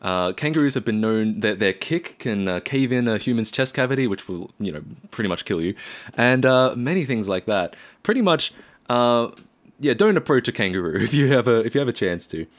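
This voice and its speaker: A man's voice: mid-range voice, lively intonation, fairly quick. A man from Australia chatting casually on a live stream, rambling as he reads and answers the chat.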